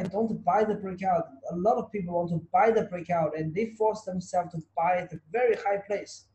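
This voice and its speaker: A man teaches an online trading class, repeating points and firing rhetorical questions at his students. His voice sits high for a man, with a soft, mellow tone. The sound is roomy, with a clear echo. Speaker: trading tutor. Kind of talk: online webinar lesson.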